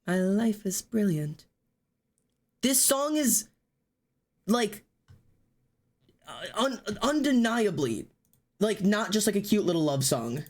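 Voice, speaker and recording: A streamer chatting casually and loudly to live viewers, rambling and poking fun at themself. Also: mid-range voice, lively intonation, takes it slowly, long pauses. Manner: loud, rambling and self-mocking. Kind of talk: casual livestream chat to viewers.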